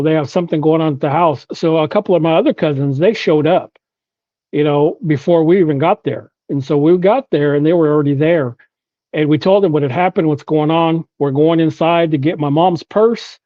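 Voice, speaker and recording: A man's voice: on the high side, normal speed, dry recording, muffled recording. A man from Oklahoma, a podcast guest, telling a personal story with frequent "you know" and restarts.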